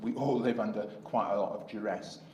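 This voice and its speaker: A man's voice: fairly low pitch, steady tone, brisk, a little mellow, reverberant, slight background noise, rough recording. A middle-aged man with an English accent, an independent election candidate answering interview questions in a rambling way, acting out dialogue as he tells stories. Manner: rambling, acts out dialogue in anecdotes.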